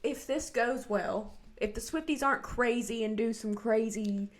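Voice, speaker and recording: Woman co-host, slightly high voice, enthusiastic casual chat. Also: unhurried. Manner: enthusiastic, gushing. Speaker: podcast co-host.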